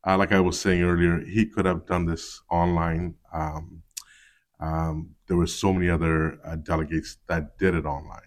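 A man, a city councillor on a podcast, speaking in halting bursts full of ums and you-knows before firm statements. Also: sits low, flat delivery. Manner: hesitant, heavy fillers, then firm. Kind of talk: casual chat.

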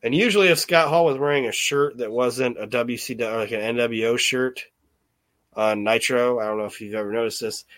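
A man hosts a casual podcast, talking through an old wrestling event. His voice is bright and forceful, recorded dry and close. He rambles, swears, and slips into the voices of the people he quotes. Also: medium pitch, brisk, no room sound. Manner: rambling, profane, animated retelling with quoted voices. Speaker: podcast host. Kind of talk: casual wrestling recap chat.

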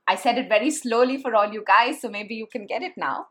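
A woman's voice: on the high side, fairly quick, fairly bright tone. A woman co-hosting a podcast about storytelling, playful and encouraging toward her co-hosts. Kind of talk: casual podcast chat.

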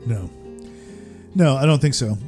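A middle-aged man in a relaxed podcast conversation, his voice sitting at an ordinary pitch. He tells stories with animated energy and laughs often, with a little music faint in the background. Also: unhurried. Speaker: podcast co-host. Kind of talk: casual chat.

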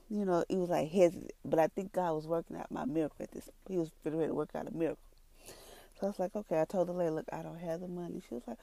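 A woman with a soft drawl tells her testimony in a low, mellow voice, rambling and close to tears. The sound is dry and close, like a podcast mic in a quiet room. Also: dry recording. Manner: tearful, rambling storyteller. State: crying at times. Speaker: podcast host giving a testimony. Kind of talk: emotional personal testimony.

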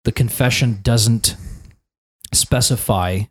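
Slow and mid-range, this American man's voice works through a church confession in casual conversation. He keeps thinking aloud, with many restarts and repeated words.

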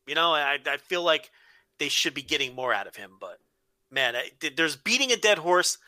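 A man's voice: a little high, animated, normal speed, pushed and bright, dry recording. A man co-hosting a wrestling podcast, giving blunt, profane opinions in casual chat with frequent restarts. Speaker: podcast co-host.

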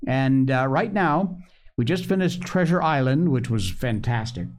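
A man hosting a show who reads an old children's book aloud in a lively, expressive storytelling manner. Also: mid-range voice, a little slow. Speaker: podcast host reading a book aloud. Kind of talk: reading a children's classic aloud.

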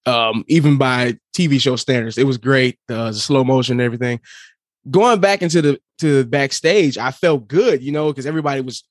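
A man co-hosts a podcast in a relaxed, casual way, mostly adding short agreeing remarks. His voice sits in the middle range, and the recording is dry and close to the mic. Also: mid-range voice, a little fast, dry recording. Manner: relaxed, agreeing, brief interjections. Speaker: podcast co-host. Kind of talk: casual chat.

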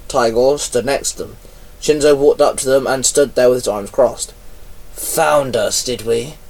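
A man reads a fan-written story aloud as amateur narration, keeping it plain and barely changing his voice for the characters. His voice is medium-pitched and a little mellow, recorded from a distance with poor audio.

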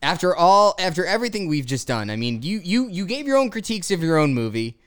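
A man's voice: high voice, big pitch swings, fast talker, a bit bright, clear, resonant tone. A man hosting a casual podcast discussion, often stumbling over his words and restarting sentences. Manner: hesitant, restarts a lot. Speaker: podcast host.

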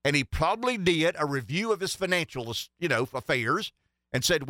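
A man's voice: on the high side, sing-song, moderate pace, pushed and bright, dry recording, clean studio sound. A man in his sixties hosting political talk radio, rambling emphatically with many restarts. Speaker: radio talk show host.

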